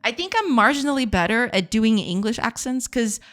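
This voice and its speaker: A woman's voice: fairly high pitch, lively intonation, brisk, a bit bright, soft background music. A woman streaming game development live, chatting casually with her viewers, laughing often and repeating herself in a self-deprecating way.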